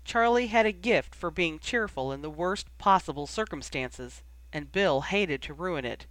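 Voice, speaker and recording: A man's voice: on the high side, a little slow, dry recording. Man narrating a story, dry close sound. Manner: steady storytelling reading. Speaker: audiobook reader. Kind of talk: fan fiction audiobook narration.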